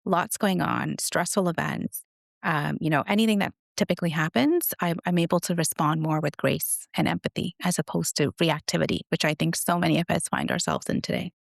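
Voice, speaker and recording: Middle-aged woman guest talking earnest and reflective, bit of fry, dry mic. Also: sits low, animated, fairly quick, no echo. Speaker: guest author. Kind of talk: conversational interview.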